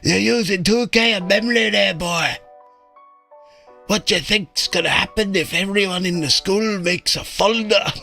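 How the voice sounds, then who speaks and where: A man's voice: sits high, normal speed, creaky, bright, forceful tone, faint music behind, pitched above the performer's own voice, heavily acted. A man putting on a barking, scolding old IT teacher. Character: exasperated older male school IT teacher.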